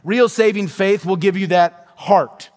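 A male pastor preaches a fervent, emphatic sermon, piling up repeated phrases for force. His voice is high for a man, a little slow and a little mellow, ringing out with the long reverb of a large hall.

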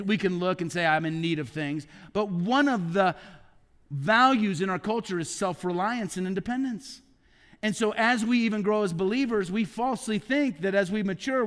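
A middle-aged man preaching a sermon as pastor, who often drops into a low hushed voice. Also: clean tone. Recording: long hall reverb.

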